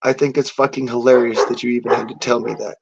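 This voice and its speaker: A man's voice: medium pitch, flat delivery, quick pace, noisy background. A man delivering a defiant, boastful rant to camera, swearing heavily. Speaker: vlogger. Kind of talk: profane angry rant. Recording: dull lo-fi audio.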